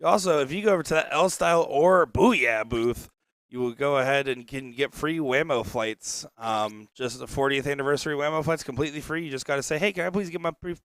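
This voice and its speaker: A man's voice: mid-range voice, a little fast, a bit bright, clear, resonant tone, no echo. A man doing live darts commentary with casual, joking asides. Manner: chatty, joking, rambling asides. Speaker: dart commentator.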